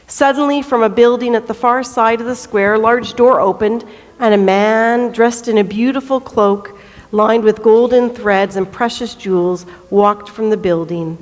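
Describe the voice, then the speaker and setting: A woman tells a children's story at a church service, slow and deliberate in her reading. Her voice sits fairly high, and a long reverb from the church hall trails each phrase.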